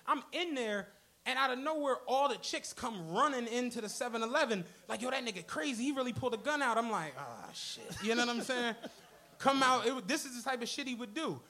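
Very high-pitched and fairly quick, a podcast co-host tells a live audience a profane story from a comedy club stage. Animated, he acts out the various people the story involves.

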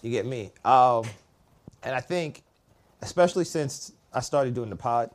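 A man hosting a podcast in easygoing conversation, tossing in quick check-ins like he wants agreement before he moves on. His pitch is ordinary and mid-range, and his delivery stays loose and chatty. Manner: relaxed, conversational, keeps checking in with the listener. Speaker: podcast host. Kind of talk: casual chat.

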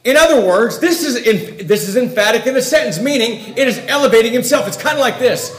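A male preacher delivers a sermon in a high, bright register. He presses his points with emphatic bursts and then drops to quiet asides. His voice rings in a roomy, echoing space. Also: lively intonation, brisk. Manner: emphatic, rising and falling between loud and quiet.

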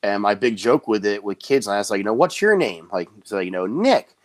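Low-voiced man telling clown stories. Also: dry recording. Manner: animated storyteller, does quick high voices for quoted people. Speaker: guest, clown performer. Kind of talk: casual interview chat, storytelling.

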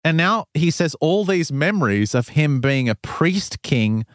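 A man hosting a casual talk show, retelling a strange tale in an animated way with frequent laughs. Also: a little high, unhurried, no room sound, studio quality. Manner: animated retelling, laughs often, loose fillers. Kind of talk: casual storytelling chat.

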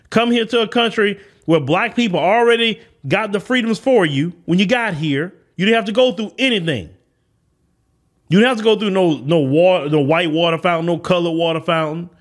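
A man's voice: high-pitched, animated, a little fast. A man hosting a podcast, giving an emphatic opinion monologue and hammering home his points with blunt repetition. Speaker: podcast host.

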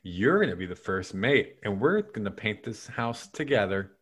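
A man's voice: on the low side, big pitch swings, moderate pace, fairly bright tone, husky, heavily acted. A man playing a bossy, short-tempered house painter who snaps with exasperation, in improv comedy. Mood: exasperated.

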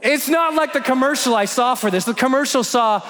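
Man, very high voice, animated storyteller, acts out scenes with shouts, big roomy hall reverb. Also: fast talker, few pauses. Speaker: motivational speaker. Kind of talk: animated storytelling talk to an audience.

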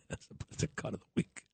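A man's voice: a little mellow, a little hiss or hum. A man hosting a radio show, chatting casually and affectionately with his caller. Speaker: radio host. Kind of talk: casual chat.

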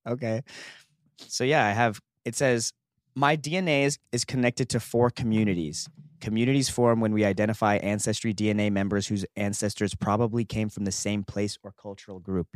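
A man's voice: fairly low pitch, fairly even intonation, fairly quick, no room sound, studio quality. Playful man chatting on a podcast. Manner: playful, laughs often, thinks aloud with fillers. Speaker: podcast co-host. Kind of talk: casual chat.

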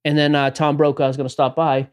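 A man co-hosting a casual sports-card podcast, upbeat and running through the rundown with quick asides. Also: fairly high pitch, flat delivery, darkish tone, smooth. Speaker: podcast co-host. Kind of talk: casual podcast chat about sports cards.

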